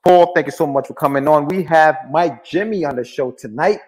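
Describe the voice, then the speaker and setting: A man hosting a live podcast over a video call, talking in a loose, relaxed way with casual slang. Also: a little high, brisk, poor audio. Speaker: podcast host. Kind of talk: casual chat.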